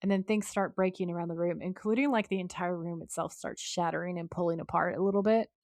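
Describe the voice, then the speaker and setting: A woman's voice: lowish voice, steady tone, quick pace, a little mellow, dry recording, studio quality. A woman co-hosting a podcast, recapping a TV episode in casual chat and quoting the characters' lines. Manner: recounts scenes at length, acting out the lines she quotes. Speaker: podcast co-host.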